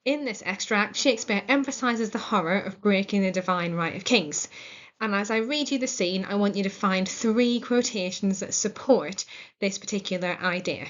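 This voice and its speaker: An English woman teaching a recorded literature lesson, explaining the scene clearly and encouragingly. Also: medium pitch, normal speed, lo-fi sound.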